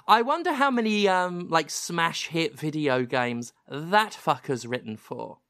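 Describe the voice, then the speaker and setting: A man with a British accent that carries a slight American hint, hosting a podcast in animated, self-mocking casual chat. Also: fairly high pitch, unhurried, few pauses, dry recording, studio quality. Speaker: podcast host.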